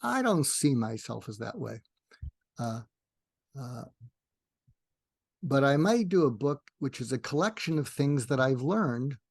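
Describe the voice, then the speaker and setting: Older male guest, rambling storyteller, animated quotes, mid pitch. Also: measured pace, creaky, long pauses, slightly rough, no room sound, studio quality. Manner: rambling with frequent restarts, acts out dialogue with rising pitch. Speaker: psychiatrist guest. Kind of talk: animated storytelling in a podcast interview.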